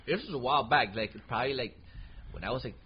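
A man's voice: medium pitch, fast, slight background noise. A man who is a guest on a casual podcast, telling stories in slangy talk full of fillers. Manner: animated, slangy storytelling with many fillers. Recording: dull lo-fi sound.

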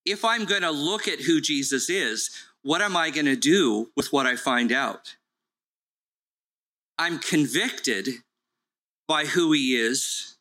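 Slow, bright-voiced male preacher. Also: on the high side, expressive, poor audio. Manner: earnest, slow storytelling preaching. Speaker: pastor. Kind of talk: sermon.

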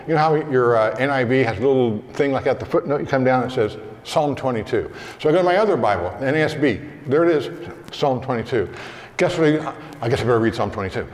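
Pastor preaching in a reverberant hall. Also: male voice, mid-range voice. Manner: conversational preaching, reads scripture slowly. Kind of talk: sermon. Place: church hall.

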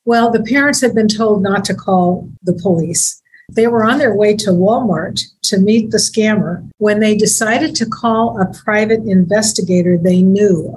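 A woman speaking as a deputy district attorney on a public-service talk segment, measured and grave, slowing down when she reads aloud. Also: mid-range voice, darkish tone, slightly rough, rough recording.

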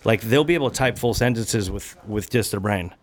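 A man with a fairly low voice chats on a podcast. He rambles, restarts sentences and swears casually throughout. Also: fairly quick. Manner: loose, profane, rambling with restarts. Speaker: podcast co-host. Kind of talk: casual chat.

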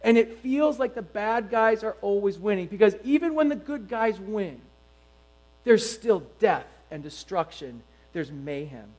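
A middle-aged man preaching a sermon to his congregation, emphatic and animated, full of rhetorical questions. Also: high-pitched, unhurried, poor audio. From United States. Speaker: pastor.

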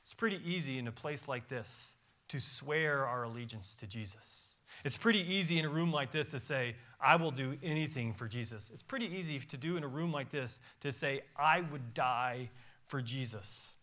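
A man's voice: medium pitch, animated, moderate pace, bright, forceful tone. A pastor preaching a sermon in a church, reading scripture aloud with emphatic rises and drops in his voice. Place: church sanctuary.

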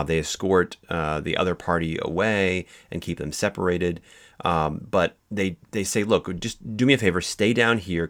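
Deep-voiced man lecturing on case law. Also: fairly bright tone. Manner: explanatory, frequent fillers and restarts. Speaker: legal instructor.

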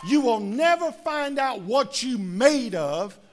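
A middle-aged man preaching a sermon as pastor, rising into shouts and whoops, with a slight cough. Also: very high voice, big pitch swings, slow pace.

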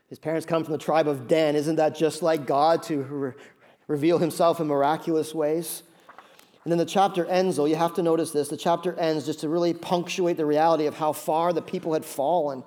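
A man preaching a sermon, telling a story with animated asides and acted-out voices. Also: on the high side. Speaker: pastor.

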